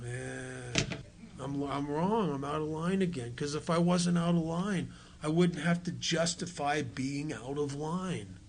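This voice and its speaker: A man with a somewhat high voice tells stories to a gathered group, slipping into the voices of the people he quotes. Faint room ambience sits behind him. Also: a little hiss or hum. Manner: folksy storyteller, acts out quoted voices. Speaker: speaker at a recovery retreat. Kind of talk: personal story talk.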